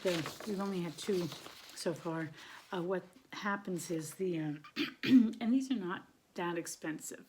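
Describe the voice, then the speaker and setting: An older woman chatting casually from home about her child's learning, rambling and drifting into soft, half-whispered asides as she shows materials. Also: lowish voice, a little hiss or hum. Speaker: homeschooling parent and channel host. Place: at home, showing materials to camera.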